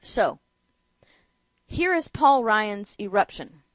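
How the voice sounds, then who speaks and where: A woman's voice: medium pitch, big pitch swings, slow, no room sound. A woman hosting a political talk show, giving opinionated commentary with sarcasm, rhetorical questions and emphatic outbursts. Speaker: radio talk show host.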